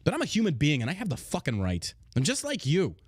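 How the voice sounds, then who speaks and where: A man's voice: on the high side, huge pitch swings, quick pace, slightly rough, dry recording. A man hosting a podcast, ranting casually with brash sarcasm and lots of swearing. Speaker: podcast host. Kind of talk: casual profane rant.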